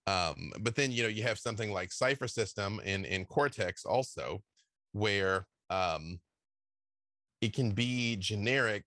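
A man's voice: on the low side, a little slow, sharp tone, no room sound, clean studio sound. A tired man talking casually as an interview guest, rambling and filling his talk with "you know". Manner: tired after a long day. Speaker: guest game designer. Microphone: video call.

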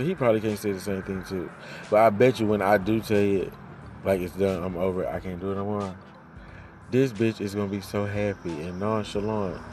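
A man venting in a heated, profane monologue, jumping loud and high then sinking low, recorded on a phone. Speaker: vlogger ranting to camera.

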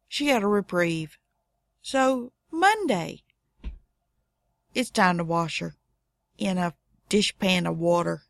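A middle-aged woman telling a funny personal story in a casual way, with wry deadpan asides. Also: medium pitch, vocal fry, no echo, clean studio sound.

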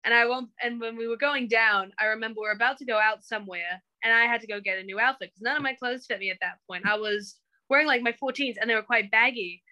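Casting: chatty young woman, fairly high, forceful bright tone, interview guest. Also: fast, hardly any pauses, poor audio. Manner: chatty, acts out quoted remarks. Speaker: coaching client. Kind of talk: casual interview.

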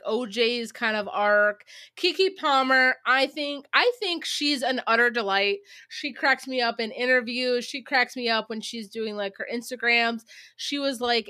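A woman's voice: on the high side, sharp tone, dry recording, clean studio sound. Chatty, enthusiastic woman talking films. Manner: enthusiastic, chatty, swears casually. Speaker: podcast co-host, film reviewer. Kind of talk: casual chat.

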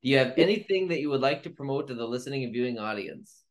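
A man's voice: mid-range voice, animated, fast. A man hosting a casual interview, reacting briefly and encouragingly and wrapping up with a friendly sign-off. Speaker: interview host.

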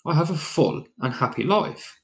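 A man's voice: a little high, lively intonation, moderate pace, gravelly, voice pushed up. A man reading as a proud village fisherman. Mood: content. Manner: plain storybook reading of quoted lines.

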